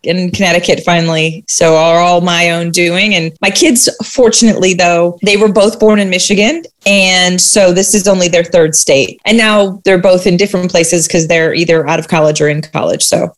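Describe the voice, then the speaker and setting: Woman, 40s, from the Midwest, fairly low voice, chatty podcast guest, video call. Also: steady tone, moderate pace, hardly any pauses. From American Midwest. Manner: rambling, self-correcting storyteller, laughs often. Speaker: marketing guest. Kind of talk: casual interview chat.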